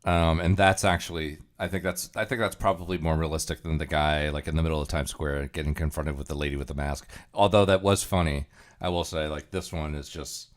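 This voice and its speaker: A man's voice: extremely low pitch, steady tone, fairly quick. A man hosting a livestream, chatting casually as he reacts to clips, rambling with plenty of fillers and chuckles. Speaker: livestream host.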